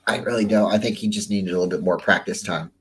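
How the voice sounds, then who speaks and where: Low-pitched man, sports talk host, casual, repeats himself, chatty. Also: steady tone, quick pace, slightly rough, low-quality recording. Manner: loose and chatty, repeats words, trails off.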